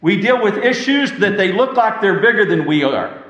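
A man's voice: high voice, lively intonation, moderate pace, fairly bright tone, muffled recording. A man preaching a sermon, reading scripture and retelling it with dramatic emphasis. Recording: echoey room.

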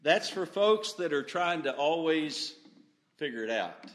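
A man preaching a sermon at a slow, deliberate pace in a slightly high voice. He surges to loud emphatic peaks and then sinks to low, quiet asides, stumbling into repeated restarts. The room rings with echo. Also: big pitch swings. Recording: echoey room.

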